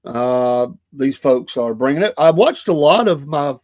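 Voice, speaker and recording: A man's voice: medium pitch, animated, measured pace, a little mellow, no echo, clean studio sound. A man co-hosting a morning talk show, chatting casually with plenty of hesitations and filler words. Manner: chatty, hesitant with frequent uhs.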